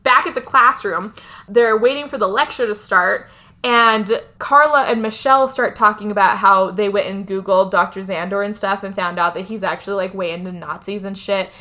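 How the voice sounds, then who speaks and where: A woman's voice: mid-range voice, moderate pace, bright, forceful tone. A woman co-hosting a podcast, recapping a film in casual chat with blunt, sarcastic remarks and free swearing.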